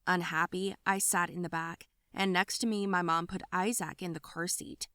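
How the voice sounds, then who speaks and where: Woman narrator for an animated story, first-person, confessional, bright, dry close mic. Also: lowish voice, normal speed, clean tone, dry recording.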